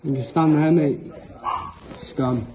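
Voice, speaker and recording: A man's voice: high voice, animated, moderate pace, noisy background. A man standing at his house, taunting and insulting visitors in a heated confrontation.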